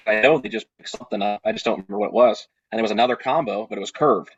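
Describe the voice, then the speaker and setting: A man's voice: on the low side, very fast, few pauses, breathy edge, lo-fi sound. A man who owns a party rental business, chatting casually on a video call and telling stories with lots of fillers and restarts.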